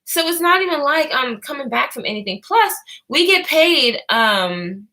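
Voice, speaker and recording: A woman's voice: sits high, big pitch swings, moderate pace, bright, forceful tone, low-quality recording. A woman vlogger telling a rambling story in casual talk, full of fillers and swearing.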